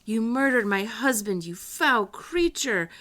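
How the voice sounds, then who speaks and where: A woman's voice: on the high side, expressive, a little slow, pushed and bright. A woman voicing a captured, desperate young woman pleading with her captor, read aloud from a page.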